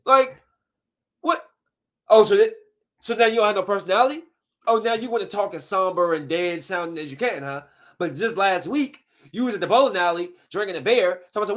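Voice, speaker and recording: A male podcast host with a high voice who talks casually and swears freely. He rants with quick bursts of heat and then drops back to a low mutter. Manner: animated, profane rant with sudden outbursts. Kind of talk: casual chat review.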